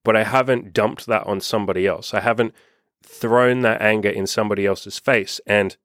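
Candid man, low voice, dry sound. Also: steady tone, moderate pace, fairly bright tone, no echo. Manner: candid, swears, acts out quotes. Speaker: dating coach. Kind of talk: casual monologue to camera.

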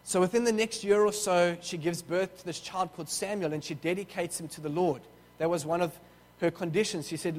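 A man's voice: sits high, fairly quick, a little mellow, in a large hall. A man preaching a sermon, telling a story with touches of humor and often restarting his sentences.

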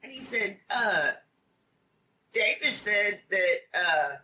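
A woman interviewee retelling events in an animated, panicky way, full of fillers and quoted dialogue. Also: medium pitch, slow, pauses often. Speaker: interviewee, friend of missing woman. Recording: roomy distant recording with faint background noise.

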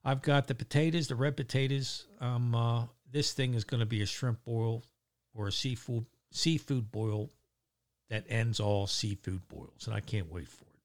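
A man's voice: medium pitch, steady tone, normal speed. A middle-aged man telling a casual, rambling story about his day, full of fillers and casual swearing. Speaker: vlogger.

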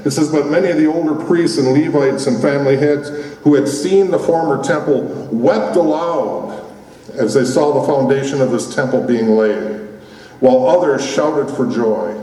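A man preaches in a casual, talky way, stopping to restart his thoughts and leaning on fillers. His voice is mellow and dark-toned, sitting at an ordinary pitch. The sound is distant, with a long reverb tail from a big hall. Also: moderate pace. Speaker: pastor. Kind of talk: sermon. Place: church building that used to be a gym. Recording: roomy hall from far off.

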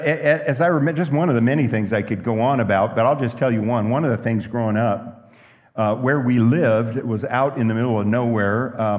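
A pastor preaching a sermon, telling stories and asking the room questions. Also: male voice, mid-range voice, in a large hall. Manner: lively preaching with stories and asides.

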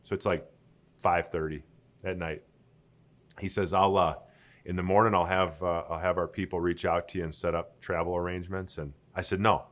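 A former pro athlete in his forties telling stories in an interview, lively and acting out the people he quotes. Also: low-pitched, normal speed. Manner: animated, laughing, acting out quoted dialogue. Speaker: interview guest, former pro football player. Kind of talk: conversational storytelling.

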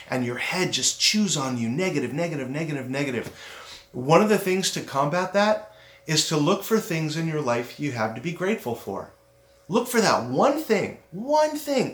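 A middle-aged man hosting a motivational self-esteem talk. He speaks earnestly, slows down to stress his points, and acts out his own inner critic. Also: a little high, a bit bright. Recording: roomy echo.

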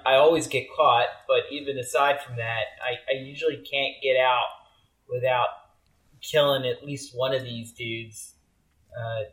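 A man with an average-pitched voice shares his experience on a casual gaming podcast. He speaks haltingly, stopping and restarting his sentences often. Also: a bit bright, poor audio. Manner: halting, many hesitations and restarts. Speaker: podcast panelist.

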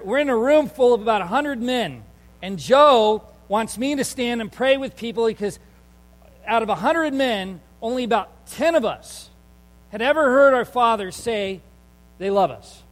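A man's voice: very high-pitched, lively intonation, measured pace, big-room sound, poor audio. A male pastor preaching a sermon in an earnest, conversational storytelling way, with fillers and emphatic turns.

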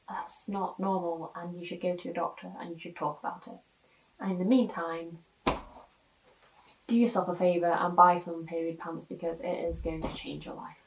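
Frank woman in an echoey room. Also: on the low side. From United Kingdom. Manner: frank, earnest, many ums, gets emotional. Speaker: podcast guest reviewer. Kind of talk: personal product review monologue. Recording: roomy echo, distant mic.

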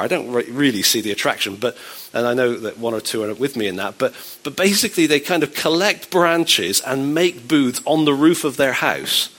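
Wry, conversational preacher, mid pitch. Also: male voice, pushed and bright. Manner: conversational and wry, with playful asides. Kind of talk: sermon.

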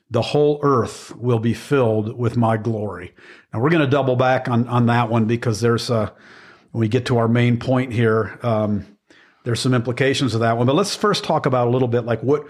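Husky man teaching scripture. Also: mid-range voice. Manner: earnest, reflective, with many ums and restarts. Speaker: podcast co-host. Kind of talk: casual Bible teaching chat.

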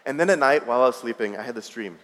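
A man's voice: medium pitch, animated, very fast, a bit bright. Man preaching in a reverberant hall. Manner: conversational storytelling, frequent restarts. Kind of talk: sermon. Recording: long reverb of a large hall.

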